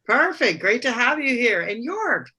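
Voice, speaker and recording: A woman hosting an online networking meeting over a video call, upbeat and brisk as she calls on each guest. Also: a little high, big pitch swings, sharp tone, breathy edge. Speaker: host.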